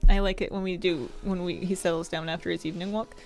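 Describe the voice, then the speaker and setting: A woman's voice: on the low side, fairly even intonation, fast talker, darkish tone, soft background music. A woman streamer chatting casually, rambling and affectionate, often restarting her sentences. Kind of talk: casual chat.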